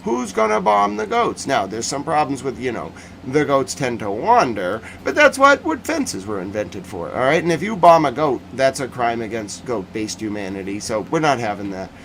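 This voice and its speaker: A man's voice: medium pitch, very animated, moderate pace, vocal fry, hardly any pauses, a bit bright, slight background noise. Joking, rambling male stream host. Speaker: news commentary host. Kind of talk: casual livestream commentary.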